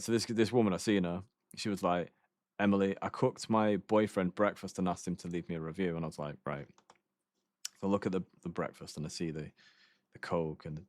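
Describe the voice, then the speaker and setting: A man's voice: deep voice, darkish tone, no room sound, clean studio sound. A man streaming a game, telling rambling stories in casual chat, swearing often and laughing between lines.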